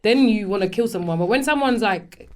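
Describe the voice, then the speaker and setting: A woman's voice: mid-range voice, fairly quick. Blunt woman, podcast co-host. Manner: blunt and animated, laughs often. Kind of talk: casual chat.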